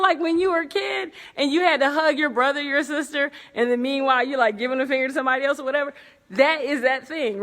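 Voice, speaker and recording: A woman's voice: sits high, fairly bright tone, long reverb tail. A woman coach talking casually and bluntly to viewers in a live video, cursing freely and laughing often. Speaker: speaking coach. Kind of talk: casual livestream talk to viewers. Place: hotel conference room at night.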